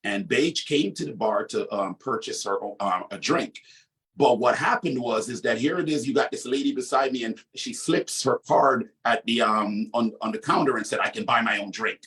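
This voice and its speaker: A man's voice: medium pitch, normal speed, a bit bright, recorded from a distance, poor audio. A man from the West Indies being interviewed, telling a long personal story in a rambling way, with many fillers and restarts.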